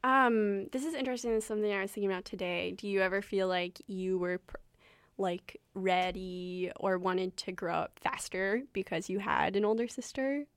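A woman's voice: medium pitch, normal speed, clear, resonant tone, no echo. Woman co-host with a dry close voice. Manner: engaged, asks questions, psychology talk. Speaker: radio co-host. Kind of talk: casual chat.

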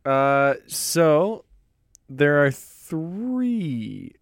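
A man co-hosting a casual chat, reading fan fiction aloud with quick laughs and stumbles. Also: fairly high pitch, big pitch swings, vocal fry, no echo, clean studio sound. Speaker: co-host.

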